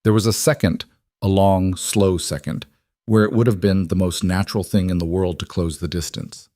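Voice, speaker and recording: Male narrator for a dramatic story, low pitch, measured, dry. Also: fairly even intonation, warm tone, no room sound.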